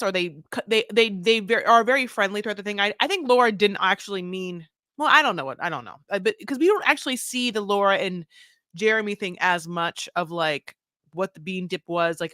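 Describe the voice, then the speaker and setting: A woman's voice: medium pitch, sharp tone, no echo, studio quality. A woman co-hosting a podcast, giving her take in casual chat while thinking aloud with restarts. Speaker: podcast co-host.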